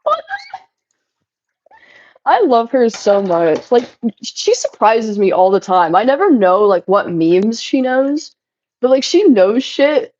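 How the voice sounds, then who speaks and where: A young woman livestreaming, telling stories in casual chat and jumping into high-pitched voices when she quotes people. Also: very animated, unhurried, a little mellow, muffled recording. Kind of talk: casual live-stream chat. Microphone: phone.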